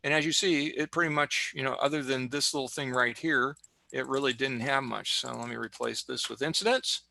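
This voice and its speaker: A man's voice: medium pitch, fairly quick, creaky, bright, forceful tone. A man giving a casual screen-share tutorial as guest expert on a video call, chatty and joking as he clicks through steps. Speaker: guest expert demonstrating software.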